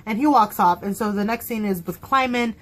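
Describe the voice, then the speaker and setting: A young woman at home reviewing a TV episode in casual fan chat, excitable and gushing, her voice swinging widely as her feelings run high. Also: brisk. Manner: excitable, gushing, with big emotional swings in pitch. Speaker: TV show reviewer.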